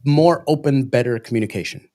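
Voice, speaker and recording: A man's voice: mid-range voice, brisk, mellow. A man, a police training instructor, earnestly explaining emotional regulation on a livestream. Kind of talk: livestream discussion.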